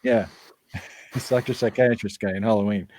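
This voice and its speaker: A man's voice: lowish voice, fairly even intonation, moderate pace, a little mellow. A man hosting a live-stream Q&A in casual chat, rambling through asides and laughing often. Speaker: band member hosting a live Q&A.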